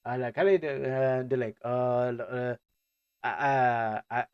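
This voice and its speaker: A man chatting on a live stream in a loose, rambling way, full of restarts and stammers. His voice sits at an ordinary middle pitch, and it was recorded close and dry with no room sound. He keeps breaking off into joking asides as he reacts. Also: steady tone, slow, smooth, no echo, dull audio.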